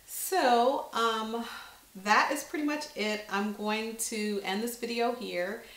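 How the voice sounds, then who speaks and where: A woman who makes jewelry, casually demonstrating her pieces in a chatty, unhurried way, pausing with ums as she works with her hands. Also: a little high, a bit bright. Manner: chatty and unhurried, talks while working with her hands, frequent um. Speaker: jewelry maker showing her own designs. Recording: roomy echo.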